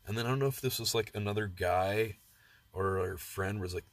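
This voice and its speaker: A man's voice: fairly low pitch, brisk, no echo. An American man vlogging live, telling crude personal stories in a rambling, casual way and laughing at himself. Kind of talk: casual livestream storytelling.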